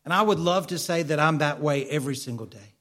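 A man delivering a sermon from the pulpit with a voice a little higher than most men's. He speaks earnestly, says his key points twice and keeps asking the congregation questions. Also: fast, fairly bright tone. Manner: earnest, repeats key lines for emphasis. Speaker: pastor.

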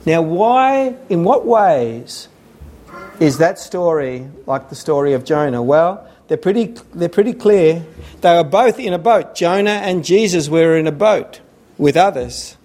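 A man's voice: a little high, expressive, measured pace, a little mellow. A man preaching a sermon, earnest and repeating phrases for emphasis.

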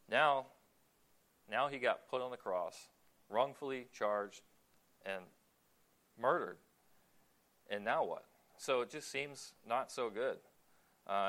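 A man preaching a sermon in a relaxed, conversational way, asking the listeners questions and pausing on fillers. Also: fairly low pitch.

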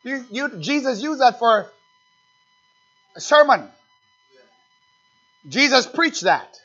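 A man's voice: very high-pitched, sing-song, slow pace. A man preaching a sermon, calling out questions and answering them in rising refrains. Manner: call-and-response, building to loud refrains. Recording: dull lo-fi recording with faint music.

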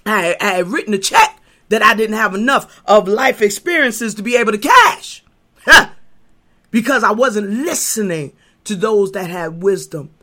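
Passionate woman preacher with a bright tone, hushed to shouting. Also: medium pitch, expressive, moderate pace. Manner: impassioned, swings from hushed to shouting; repeats words and stumbles on fillers. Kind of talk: sermon.

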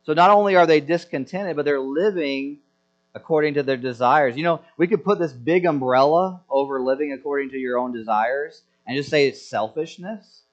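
A man in his thirties preaching a sermon as a pastor, animated and self-deprecating, often acting out the voices of grumbling people. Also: a little high, normal speed. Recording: slightly dull lo-fi sound.

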